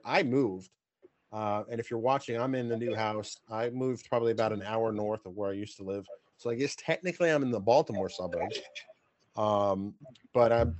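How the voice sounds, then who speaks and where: A man's voice: mid-range voice, a little mellow. Chatty man hosting a podcast. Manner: chatty, rambling with fillers and restarts. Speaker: podcast host. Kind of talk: casual video-call interview.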